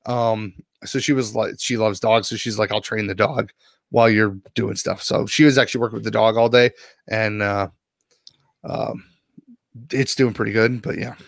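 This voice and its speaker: A man co-hosting a podcast, telling a long rambling story full of swearing. He is sore and worn out after a rough day. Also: lowish voice, fairly even intonation, normal speed, no room sound, studio quality. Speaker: podcast co-host. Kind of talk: casual podcast chat.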